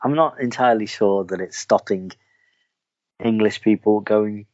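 A man with a very low voice talks casually as a podcast co-host, rambling along with an animated, chatty manner. The sound is somewhat dull and lo-fi. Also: moderate pace. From Wales. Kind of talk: casual chat.

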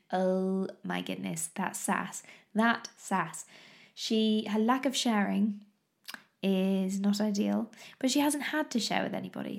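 A woman, chatting casually to camera about her toddler, animated, laughing often and losing her thread mid-sentence. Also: mid-range voice, vocal fry.

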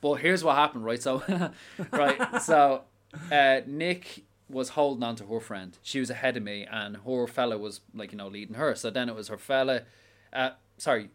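Young Irish man, casual podcast co-host, animated storyteller with a mid-range voice and a lot of swearing. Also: medium pitch, moderate pace. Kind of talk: casual chat.

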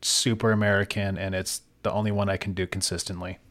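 Low-voiced enthusiastic male co-host. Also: little pitch movement, fast. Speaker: podcast co-host. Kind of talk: casual interview chat.

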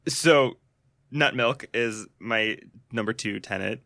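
Gravelly-voiced man joking in casual chat. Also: lowish voice, takes it slowly, no echo, clean studio sound. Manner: playful, deadpan absurd bits.

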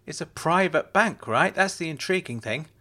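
Male narrator doing a higher, brisk young woman for a storybook: blunt, probing, kind underneath. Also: animated, sharp tone. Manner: brisk, probing, matter-of-fact.

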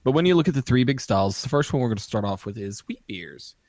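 A man's voice: medium pitch, animated, fast talker, darkish tone, no echo. A man co-hosting a casual podcast, walking through beer styles with frequent ums and restarts. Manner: hesitant, many ums and restarts. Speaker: podcast co-host.

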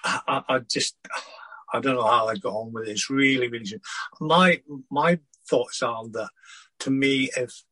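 An older man, a former footballer, telling anecdotes in a relaxed interview with many restarts and fillers. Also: mid-range voice, unhurried, no room sound, poor audio.

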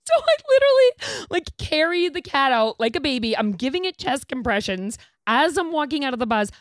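Animated woman laughing through a story. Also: sits high, a little fast, dry recording, clean studio sound. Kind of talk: casual storytelling chat.

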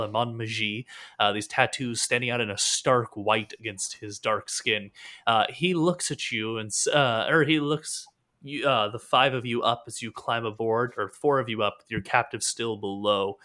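A man running a tabletop game, narrating the scene with lots of ums and quick self-corrections. His voice is bright and forceful, at an even middle pitch. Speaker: game master.

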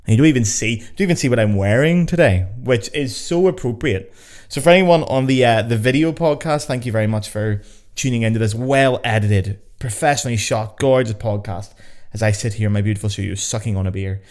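A man's voice: medium pitch, brisk, a little mellow. A man in his thirties with a Belfast accent, hosting a podcast in a chatty, joking, self-mocking way. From Northern Ireland. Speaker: podcast host. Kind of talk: casual podcast chat.

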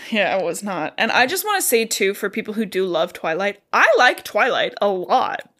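A woman's voice: mid-range voice, very animated, normal speed, fairly bright tone. Chatty young woman podcast host. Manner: chatty, summarizes plot with offhand opinions. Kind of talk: casual book-club podcast chat.

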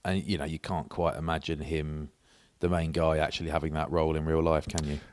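Man, deep voice, dry close sound, casual podcast storytelling, animated. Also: fairly quick, dry recording. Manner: animated anecdote telling with mimicked voices. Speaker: podcast co-host.

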